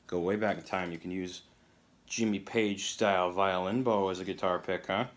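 Deep and steady at a moderate pace, this male host runs a comedic guitar video, his delivery dry and sarcastic with plenty of rambling asides.

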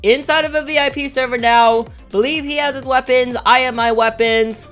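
A man giving excitable, trash-talking commentary over his own gameplay as a gaming YouTuber. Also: extremely high pitch, normal speed, faint music behind.

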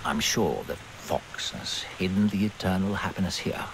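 A man voicing a disembodied guide in a video game who quizzes and directs a little girl in a gentle, teasing manner. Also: low-pitched, normal speed, background noise. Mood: guiding. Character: disembodied male guide voice, smooth and sly. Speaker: narrator voice in a game. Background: game music.

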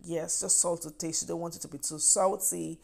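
This cooking vlogger speaks with a Nigerian accent in a lowish, creaky, somewhat dark voice, keeping a steady tone at a moderate pace. She guides viewers through a recipe in a chatty, encouraging manner, repeatedly stressing things with "yes" and "trust me."

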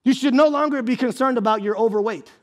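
High-pitched man preaching with shouted emphasis. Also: fast. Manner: repeats words and restarts phrases. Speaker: pastor. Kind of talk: sermon.

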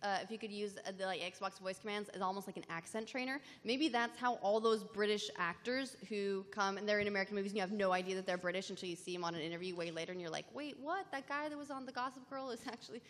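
Fast-talking woman on a hall stage. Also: mid-range voice, fairly even intonation. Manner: quick, joking asides. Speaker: panelist. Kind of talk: casual panel chat. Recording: live panel in a reverberant hall.

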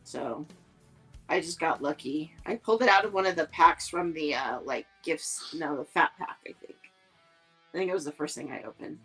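A woman with a fairly low voice chats casually on a podcast, rambling through her story with plenty of fillers and restarts. Faint music plays behind her. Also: lively intonation, moderate pace, fairly bright tone, husky, rough recording. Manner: rambling, filler-heavy, lots of "like" and "um". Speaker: podcast co-host. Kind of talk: casual chat.

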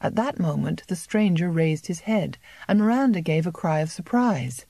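A woman's voice: fairly low pitch, animated, moderate pace, creaky, hardly any pauses, dark tone, no room sound. Woman reading a novel, dry and close. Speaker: audiobook narrator. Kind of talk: scripted narration.

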